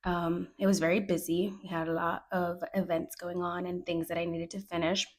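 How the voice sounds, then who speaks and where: A woman's voice: fairly low pitch, poor audio. Chatty woman budgeting vlogger. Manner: chatty, sarcastic asides, counts money aloud. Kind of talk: casual chat to camera while counting cash.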